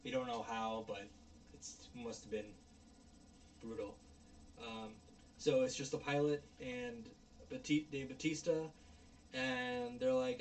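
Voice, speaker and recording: A man casually recapping a movie plot, rambling with lots of fillers and mock-yelling at the characters. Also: a little high, big pitch swings, takes it slowly, vocal fry, pauses often, slight background noise. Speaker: movie reviewer.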